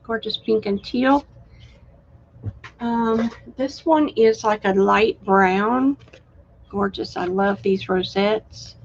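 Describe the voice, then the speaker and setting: A woman hosting a live-stream craft sale, chatty and unhurried, admiring each item as she shows it. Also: mid-range voice, lo-fi sound, a little hiss or hum. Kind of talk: live-stream sales chat.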